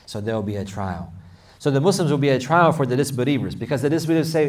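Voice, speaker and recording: A man's voice: mid-range voice, animated, fast, darkish tone, far from the mic. A man teaching a religious lesson who repeats phrases for emphasis and rises to intense, emphatic passages. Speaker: Islamic teacher. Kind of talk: religious lesson with Arabic quotes.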